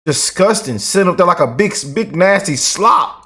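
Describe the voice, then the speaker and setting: A man hosting his own channel, ranting in animated, repetitive, emphatic political commentary. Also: high-pitched, moderate pace, slight background noise.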